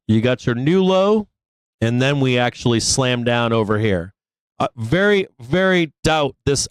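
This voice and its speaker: A man hosts a live stock market stream, talking through charts in a casual, rambling way full of fillers and swearing. His voice is smooth and clear at a middle pitch. The sound is close and dry. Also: no echo, low-quality recording. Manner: rambling, profane, fast bursts with many fillers. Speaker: stock market show host. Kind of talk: casual live trading commentary.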